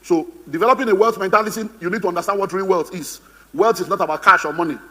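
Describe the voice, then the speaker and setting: A man's voice: high-pitched, fast, bright, forceful tone, long reverb tail, slight background noise. A man with a Nigerian English accent, giving a humorous, theatrical seminar talk as a motivational speaker, acting out the voices he quotes. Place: conference hall on stage.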